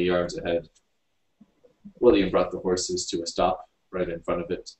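A man reading a story aloud, narrating in an unhurried storybook manner. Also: deep voice, completely flat delivery, a little mellow. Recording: roomy, distant mic.

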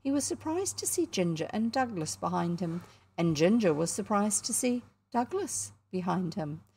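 Kiwi lady reading a kids' book aloud, even measured voice. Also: mid-range voice, breathy edge. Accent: New Zealand. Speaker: audiobook narrator. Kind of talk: storybook narration.

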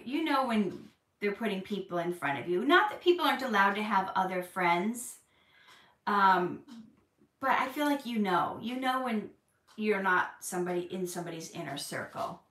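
A woman's voice: medium pitch, moderate pace, distant mic. A woman hosting a live Q&A stream, chatting casually with viewers and turning earnest and preachy. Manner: earnest, preachy, animated when excited. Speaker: livestream host answering viewer questions. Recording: roomy echo, a bit off-mic.

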